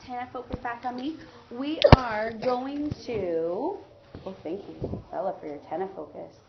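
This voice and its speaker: A woman's voice: a little high, expressive, unhurried, gravelly, dull audio, background noise. A woman teaching first graders in a classroom, patiently prompting them with questions and praise. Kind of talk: classroom lesson to young children. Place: elementary school classroom.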